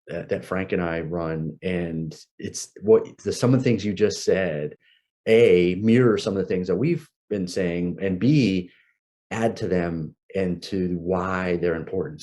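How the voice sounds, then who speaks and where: A man with a very low, dark voice speaks eagerly over a video call. He restarts his sentences often and agrees readily with his host. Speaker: podcast guest. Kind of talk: interview conversation.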